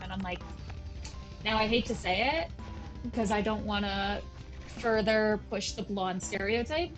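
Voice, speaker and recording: A woman's voice: mid-range voice, normal speed, pauses often, faint music behind, low-quality recording. A young woman chatting casually and self-deprecatingly as she comments on a game she is playing at home, drifting off into tangents. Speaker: gaming channel host. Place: at home with her cats.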